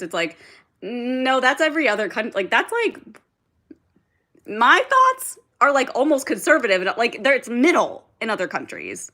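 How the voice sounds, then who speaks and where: A woman's voice: a little high, sing-song, normal speed, pushed and bright. A young woman hosting a casual livestream, rambling with lots of "like" and swearing while reading and answering viewer comments. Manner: rambling, heavy filler "like", frequent swearing, reads and answers chat. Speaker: livestream host.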